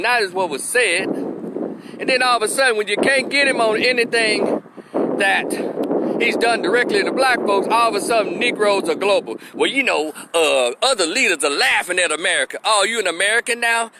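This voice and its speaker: A man's voice: high-pitched, moderate pace, very noisy. A man giving a blunt, profane opinion rant, stressing his points and laughing in scorn. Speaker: opinion vlogger.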